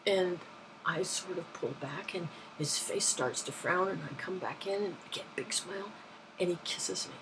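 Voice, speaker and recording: Against a noisy background, a vlogger from London, England, speaks at a moderate pace in a fairly low voice. She shares casual everyday stories, chatting and rambling and correcting herself as she goes.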